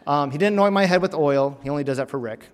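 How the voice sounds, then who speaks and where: A man preaching a personal sermon in a church, earnest, rising to emphatic lines and dropping to hushed, heavy phrases. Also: a little high, fast talker. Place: church sanctuary. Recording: long reverb of a church hall.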